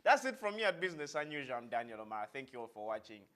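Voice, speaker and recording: A man's voice: medium pitch, big pitch swings, quick pace. A man with a Ugandan accent, hosting a satirical news segment with sarcastic, mock-serious delivery. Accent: Ugandan English.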